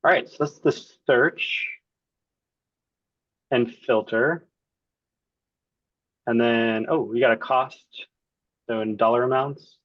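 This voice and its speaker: A man's voice: medium pitch, slow pace, long pauses, dry recording. Guy narrating his clicks on a call, easygoing, muffled dry audio. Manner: relaxed, thinks aloud while clicking through. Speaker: client. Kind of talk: casual software demo walkthrough.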